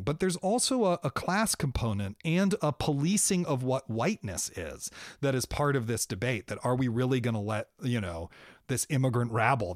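A man talking enthusiastically about acting history as a guest, with quick restarts and brief mimicked voices. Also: mid-range voice, dry recording, clean studio sound. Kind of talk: animated conversational explanation.

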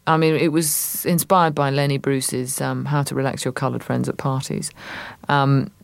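English woman, actress, interview guest, low voice, gravelly, thoughtful, hesitant. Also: no echo. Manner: thoughtful, hesitant with many fillers. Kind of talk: radio interview.

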